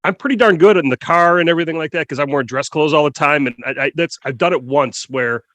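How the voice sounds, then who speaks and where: A man's voice: on the high side, fast talker, fairly bright tone, dry recording. A man co-hosting a casual podcast roundtable, chatty and jokey. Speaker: podcast co-host.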